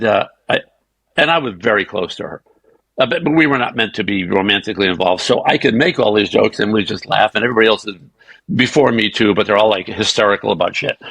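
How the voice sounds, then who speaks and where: Gravelly older man telling stories. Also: fairly low pitch, fairly quick, no room sound, low-quality recording. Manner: animated raconteur, swearing. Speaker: guest actor. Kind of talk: anecdotal storytelling.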